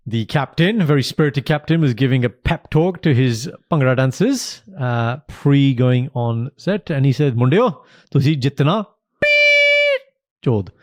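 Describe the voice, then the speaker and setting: A man co-hosting a podcast in rapid, animated casual chat. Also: medium pitch, no room sound. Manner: rapid, animated, mixing in Punjabi. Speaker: podcast co-host.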